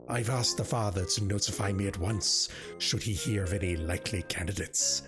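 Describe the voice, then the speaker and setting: A man's voice: deep voice, moderate pace. A man voicing a scheming evil male wizard, reading a letter with theatrical pomp over game music.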